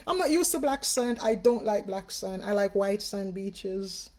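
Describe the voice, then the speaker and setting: Chatty Jamaican woman, warm voice. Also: fairly high pitch, moderate pace, few pauses. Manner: chatty, greets viewers by name, many fillers. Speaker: spiritual reader and livestream host. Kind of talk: casual live-stream chat.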